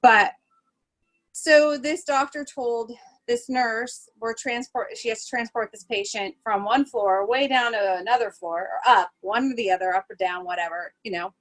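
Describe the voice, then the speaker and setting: A woman's voice: on the high side, moderate pace, poor audio. A woman hosting a podcast as a nurse, telling stories in casual chat with lots of fillers and laughter. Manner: animated storyteller, laughs often, many fillers. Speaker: podcast host, holistic travel nurse.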